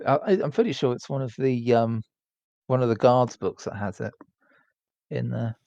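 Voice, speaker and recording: A man's voice: medium pitch, normal speed, gravelly, warm tone, no echo. A man chatting on a gaming stream, eagerly explaining book lore at length. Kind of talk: casual chat on a gaming stream. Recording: dry, dull lo-fi mic.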